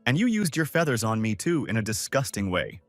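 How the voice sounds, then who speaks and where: A man voicing a hot-tempered, sharp-tongued young woman who snaps at her rival. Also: mid-range voice, big pitch swings, fairly quick, no echo, soft background music, close to an everyday voice. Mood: disgusted. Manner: snapping, exasperated.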